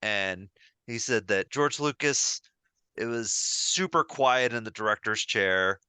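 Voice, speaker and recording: A man's voice: fairly low pitch, slow pace, clean tone, no room sound. A man co-hosting a podcast, retelling a story in casual chat with plenty of fillers. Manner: relaxed storytelling with filler words. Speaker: podcast co-host.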